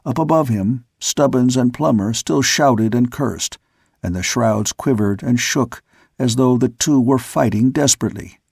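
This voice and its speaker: A male audiobook narrator reads in a measured storytelling manner. His voice is gravelly and husky, sitting at an ordinary pitch. The sound is close and dry, from a studio mic. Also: a little mellow, no echo. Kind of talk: scripted narration.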